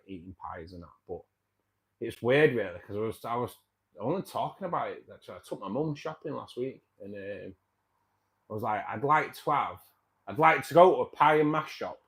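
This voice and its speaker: A man's voice: on the low side, a bit bright. Chatty man calling everyone mate. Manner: chatty and rambling, repeats himself, keeps saying mate. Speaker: livestream host. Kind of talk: casual livestream chat with viewers.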